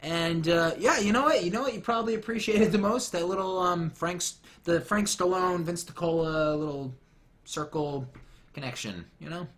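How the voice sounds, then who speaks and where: A man's voice: high-pitched, normal speed, fairly bright tone. A young man hosting a casual commentary, rambling and joking as he drifts off on tangents. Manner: rambling, jokey, goes off on tangents. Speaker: commentary host.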